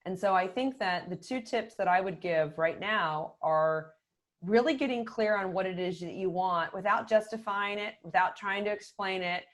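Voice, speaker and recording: A middle-aged woman speaking as a podcast guest, a communication coach who talks in a calm, measured way and often drops to a quiet voice. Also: medium pitch. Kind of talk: conversational podcast interview.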